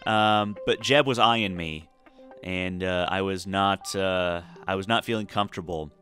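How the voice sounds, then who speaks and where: A man's voice: low-pitched, measured pace, fairly bright tone, soft background music. A tired man casually talking through a space game, rambling with lots of fillers and restarts. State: tired, yawning. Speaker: gameplay commentator. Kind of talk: casual let's-play commentary.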